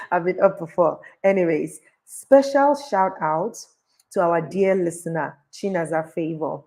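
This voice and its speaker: A woman's voice: on the low side, a little mellow. A woman hosting a live podcast interview, chatty and laughing often. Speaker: podcast host.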